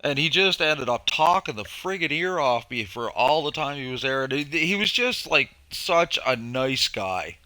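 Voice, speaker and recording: A man's voice: mid-range voice, sing-song, normal speed, few pauses, pushed and bright, dry recording, faint music behind. A man, a former chef, telling rambling stories in casual chat, with profanity and acted-out quotes.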